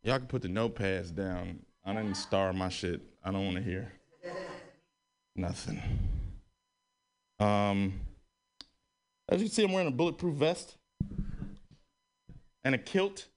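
A man doing a stand-up comedy set in a radio studio, animated and swearing freely, his voice climbing high when he gets worked up. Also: unhurried, pauses often. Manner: animated, swearing, rising to a high-pitched exclaim. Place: radio studio hosting a live comedy show.

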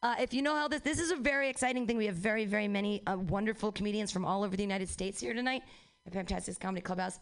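A woman's voice: medium pitch, very fast, clear, resonant tone. A woman hosting a comedy show from a club stage on a handheld mic, rambling and giggly, often cutting herself off mid-sentence. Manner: rambling, giggly, self-interrupting. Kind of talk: stand-up emcee banter.

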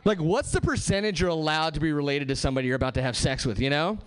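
A man from Southern California doing a stand-up comedy set on a club stage, punchy and animated, swinging his voice high and low for effect. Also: fast talker, clear, resonant tone.

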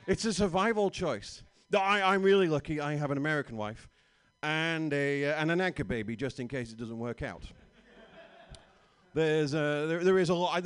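A man from Britain with a British accent, performing a stand-up comedy set in a small bar, dry and self-mocking with stammering restarts. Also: fairly high pitch.

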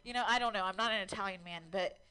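A woman doing a stand-up comedy set, chatty and self-mocking, with mock-loud announcements. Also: mid-range voice, very fast.

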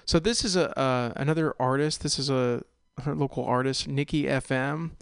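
Young male radio host, smooth resonant voice, loose rambling delivery with fillers. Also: mid-range voice, normal speed. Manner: rambling, hesitant, with many fillers. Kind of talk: casual radio chat.

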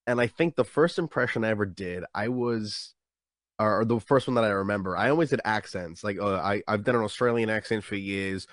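A man's voice: a little fast, no room sound, clean studio sound. A young man, a stand-up comedian, chatting casually in an interview and acting out what people say to him. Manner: animated, acts out quotes with jumps in pitch.

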